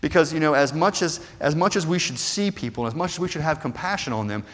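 A man's voice: on the high side, lively intonation, fast talker, a little hiss or hum. Earnest male preacher in a reverberant hall. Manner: earnest, building from hushed to fervent. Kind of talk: sermon.

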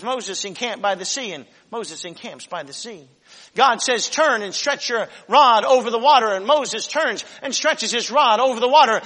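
Male pastor, high-pitched, intense preacher's delivery. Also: in a large hall. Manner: dramatic preaching that swings from shouting to whispers. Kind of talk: sermon.

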